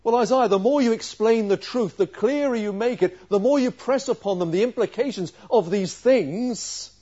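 A man preaching a sermon in a fairly high voice. He keeps asking his listeners questions and swings between emphatic, louder lines and hushed asides. The recording sounds dull and lo-fi. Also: moderate pace. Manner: asks the listeners questions, swings from loud stresses to quiet asides. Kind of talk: expository sermon.

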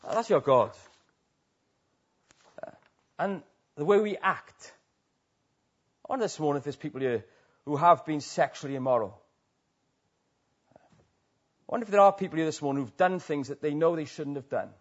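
A man's voice: fairly high pitch, lively intonation, normal speed, pauses often, highs cut off. A man from Wales with a Welsh accent preaching a sermon to a church, talking conversationally with many tag questions.

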